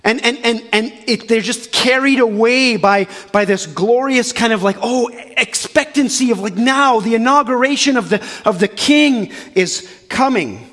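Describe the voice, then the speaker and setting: A man preaching a sermon as a pastor, animated and full of restarts, acting out the voices of the people he quotes. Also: very high-pitched, moderate pace, few pauses, long reverb tail. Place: church auditorium.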